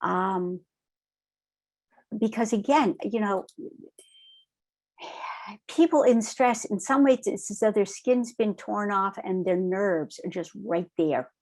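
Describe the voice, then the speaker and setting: A woman trainer speaks slowly and deliberately, giving a lesson in a calm, steady manner. She is middle-aged and often pauses to check in with her listeners. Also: mid-range voice. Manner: calm, measured, repeats "right?" to check in. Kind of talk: recorded online training lecture.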